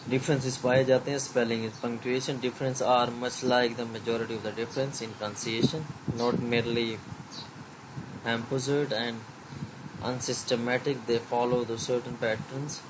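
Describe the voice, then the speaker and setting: A man giving a recorded slide lecture, reading haltingly with many fillers and switching into Hindi to explain. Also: medium pitch, very noisy.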